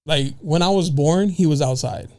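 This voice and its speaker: A woman hosting a podcast, chatting casually and teasing her guest with quick prompts and jokes. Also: sits low, mellow. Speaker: podcast host. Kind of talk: casual chat.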